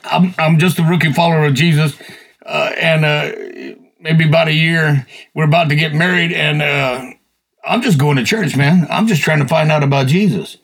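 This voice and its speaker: A man's voice: on the high side, fairly even intonation, moderate pace, gravelly, fairly bright tone, slightly rough. An older man hosting a show, telling a personal faith testimony in a folksy, plain-spoken way. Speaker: podcast host.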